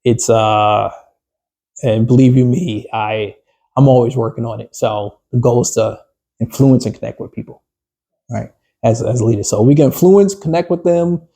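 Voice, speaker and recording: A business coach talking a small group through a workshop, loose and conversational with plenty of fillers and restarts. His voice is husky and dark, sitting at a middle pitch, and he keeps turning questions back to the room. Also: normal speed.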